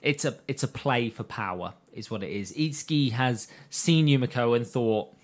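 A man's voice: mid-range voice, moderate pace. A man co-hosting a podcast, chattily retelling scenes from a show in a casual recap. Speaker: podcast co-host.

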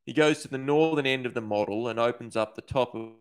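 Aussie-born guy reading his own dark short story, steady and measured. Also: mid-range voice, smooth. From Australia. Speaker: author.

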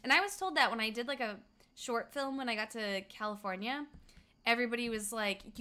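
A young woman from Colorado chatting casually and quickly while streaming a game, reading out chat and humming along. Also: fairly high pitch, sharp tone, clear, resonant tone. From Colorado, USA. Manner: fast-talking, chatty, reads chat aloud, hums along.

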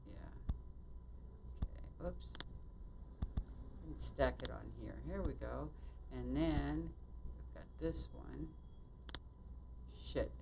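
A woman playing a bakery shop game, muttering to herself as she works, with quick exclamations and mild swearing. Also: rumbling low, creaky, noisy background. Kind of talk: casual let's-play commentary.

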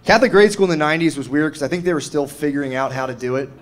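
A man's voice: a little high, very fast. Laid-back man telling stand-up stories. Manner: laid-back, peppered with "dude" and "man", acts out quotes. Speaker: stand-up comedian. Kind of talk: stand-up storytelling. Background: audience laughter.

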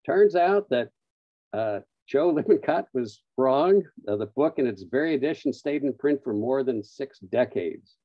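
A man presenting a webinar, telling an anecdote-filled story with frequent "uh" pauses. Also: mid-range voice, expressive, dry recording. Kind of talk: storytelling talk. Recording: dull lo-fi online audio, dry.

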